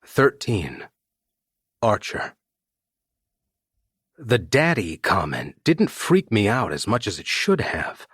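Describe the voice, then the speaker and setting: Husky man narrating, lively pitch. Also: slow pace, pauses often, no room sound, studio quality. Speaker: audiobook narrator. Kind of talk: first-person romance audiobook narration.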